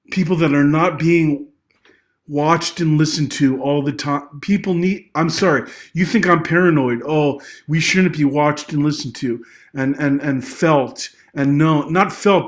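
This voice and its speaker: A young adult man talks straight to camera in a loose, rambling monologue, stumbling over restarts and apologizing as he goes. His voice sits a little high for a man and rises sharply whenever his anger flares. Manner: agitated, voice rising when angry. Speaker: vlogger giving social commentary. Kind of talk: unscripted personal monologue.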